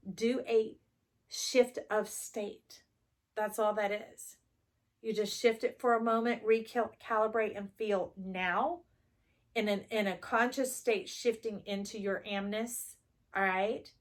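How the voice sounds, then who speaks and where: A woman with a fairly high voice chats her way through a tarot reading. She talks straight to her viewers in a spiritual, encouraging way and breaks into excited, louder highs. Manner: animated, spiritual, chatty, jumps into excited highs. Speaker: tarot reader.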